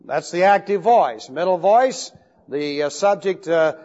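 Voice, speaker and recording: A man's voice: high-pitched, animated, measured pace, darkish tone. A man teaching Bible Greek grammar in a classroom lecture, emphatic, repeating points and spelling out key words. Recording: dull lo-fi recording with long hall reverb.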